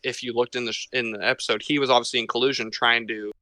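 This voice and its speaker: Young male co-host, fast and bright, rambling, dry close recording. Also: medium pitch, level tone, no echo. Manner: rambling, restarts a lot. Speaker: podcast co-host. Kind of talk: casual chat.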